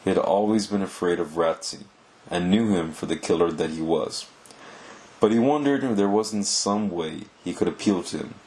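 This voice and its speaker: Calm male audiobook reader, deep voice, steady storybook delivery. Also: moderate pace, poor audio. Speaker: audiobook narrator. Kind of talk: reading a novel aloud.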